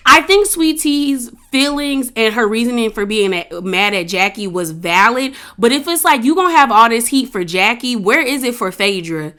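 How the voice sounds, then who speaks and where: A woman casually recapping a reality show episode, chatty and opinionated, with slangy, animated retelling. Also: a little high.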